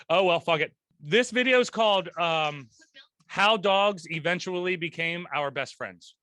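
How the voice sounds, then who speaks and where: High bright-voiced male podcast host. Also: measured pace, no room sound. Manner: rambling, laughs often, restarts sentences. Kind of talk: casual chat.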